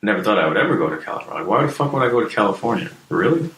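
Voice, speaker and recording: A man's voice: on the low side, very animated, very fast, fairly bright tone. A man being interviewed about his music past, talking in a loose, laid-back way with lots of fillers and swearing. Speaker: guest, hardcore musician. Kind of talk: casual storytelling interview. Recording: roomy echo, faint noise.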